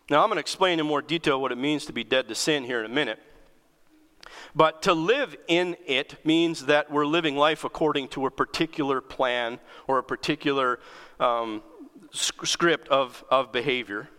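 A man's voice: fairly high pitch, normal speed, sharp tone, clear, resonant tone. Man preaching in a reverberant hall. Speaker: pastor. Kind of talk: sermon. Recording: long reverb of a large hall.

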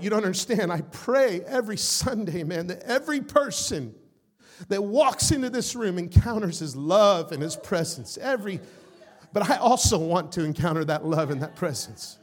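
A young man with a strikingly high voice preaches a passionate sermon. He moves between quiet, intimate storytelling and loud, sing-song exhortation. His talk stays casual, dotted with "man" and "like". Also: husky. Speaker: pastor. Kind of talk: Easter sermon.

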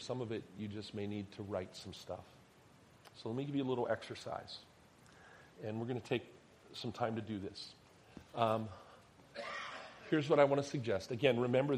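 A man in his thirties, a pastor preaching a sermon, telling a personal story and acting out the dialogue, dropping to soft, quiet tones at tender moments. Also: fairly low pitch, a little hiss or hum. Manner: animated storyteller, acts out quoted dialogue, drops to soft tones.

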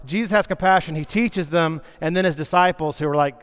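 A man preaching a sermon, telling the story with lively, acted-out asides. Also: a little high, a little fast, clear, resonant tone. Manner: animated storytelling, acting out scenes. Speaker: pastor. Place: church sanctuary. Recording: long reverb of a large hall.

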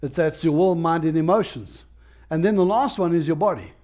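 Preaching a sermon at a moderate pace, this man has a voice a bit higher than most men's and a little mellow. He talks plainly and conversationally, leaning on emphasis, repeating himself and restarting to press his points.

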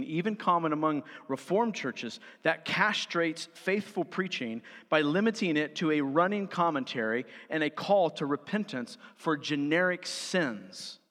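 Pastor, male, fairly high voice, emphatic sermon delivery, reverberant church hall. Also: animated, unhurried. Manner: emphatic, rising to forceful stresses. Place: church sanctuary.

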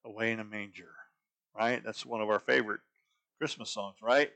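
A man's voice: fairly low pitch, steady tone, moderate pace, vocal fry, bright, forceful tone. A middle-aged man preaching a sermon as a pastor, talking conversationally and asking the congregation rhetorical questions.

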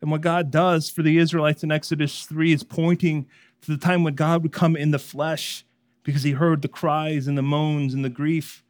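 A man delivers a sermon with a somewhat high-pitched voice. He speaks emphatically, stacking phrases into rhythmic lists and swinging between loud, raised passages and hushed ones. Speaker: preacher.

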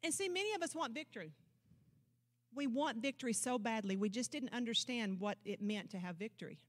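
A woman pastor preaching a sermon with emphatic declarations and rhetorical questions, swinging from loud proclamations to low, intense asides. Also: expressive, a little fast. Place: church service.

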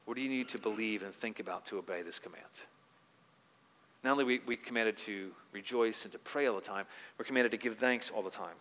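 A man preaching a sermon in an earnest manner. He grows louder when he quotes scripture and drops soft on quieter points. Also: on the low side, a little fast, big-room sound. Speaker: pastor.

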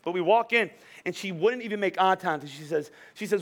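A man with a notably high-pitched voice delivers a relaxed, conversational sermon. He jokes and laughs as he goes, often doubling back on his words before pressing on. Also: fairly quick. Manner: chatty, joking, with frequent laughs and repeated words. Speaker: pastor.

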